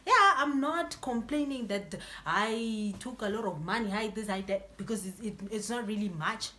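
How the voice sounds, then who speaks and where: A young woman telling a storytime vlog in an animated, chatty way, full of "like" and "yo". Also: a little high, moderate pace. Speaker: vlogger.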